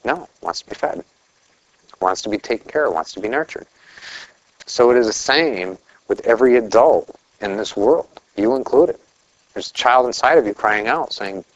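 A man's voice: medium pitch, lively intonation, measured pace, pauses often, no echo. Middle-aged male pastor, conversational sermon delivery, muffled dry sound. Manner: conversational preaching with rhetorical questions.

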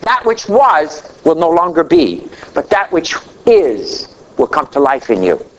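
A man preaching a sermon as pastor, slow and dramatic, letting his voice sink low at the ends of phrases. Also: wildly swooping pitch, lo-fi sound.

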